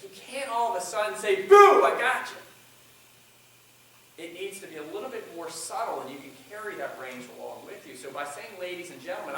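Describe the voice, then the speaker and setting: A man's voice: fairly high pitch, a bit bright, a little hiss or hum. A man giving a college class on public speaking, who acts out lines from his own speech as he breaks it down. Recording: echoey classroom from far off.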